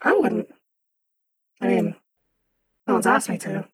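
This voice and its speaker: A high, squeaky robot soldier that leaps all over its pitch, meek and obedient. It answers in short, eager, innocent replies, recorded dry and close. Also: male voice, very animated, slow, husky, no echo, full character voice.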